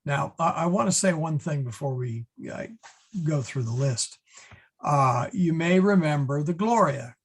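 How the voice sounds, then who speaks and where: A man teaching a Latin lesson at an unhurried, deliberate pace. His voice is slightly husky, and he stumbles through fillers and restarts. He chuckles now and then at his own asides. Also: fairly high pitch, animated. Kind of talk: online class lecture.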